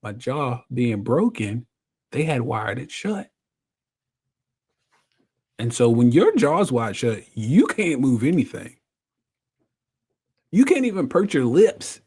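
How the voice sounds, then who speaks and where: A man telling his story in a casual chat, animated and laughing often as he acts out what people said. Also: medium pitch, slow, pauses often, breathy edge.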